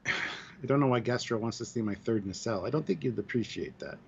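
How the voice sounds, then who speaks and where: A man's voice: medium pitch, lively intonation, fairly quick, gravelly, muffled recording, slight background noise. A drunk English man co-hosting a livestream, laughing and jumping between silly put-on accents. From England. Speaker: co-host.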